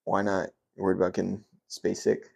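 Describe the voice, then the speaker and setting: A man's voice: deep voice, monotone, fairly quick, vocal fry, darkish tone, breathy edge. A man co-hosting a podcast, joking and swearing in casual chat. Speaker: podcast co-host.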